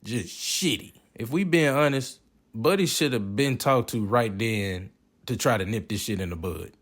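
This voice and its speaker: A man's voice: on the low side, moderate pace. A man giving casual, joking and profane commentary while reviewing movies. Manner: profane, joking, animated reactions.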